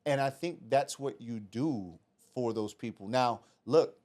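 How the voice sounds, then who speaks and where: A man's voice: medium pitch, a little slow, a little mellow. A man hosting a casual podcast, affirming his guest and talking loosely with lots of "bro". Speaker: podcast host.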